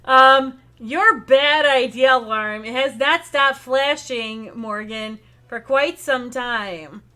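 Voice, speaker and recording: Woman game master, high voice, bright tone, animated, faint music behind. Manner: quick, animated, with bursts of excitement. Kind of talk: narrating a tabletop game.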